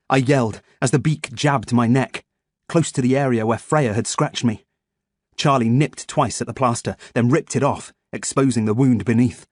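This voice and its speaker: Brief: male audiobook narrator, husky, dry close sound, measured delivery. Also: mid-range voice, no echo.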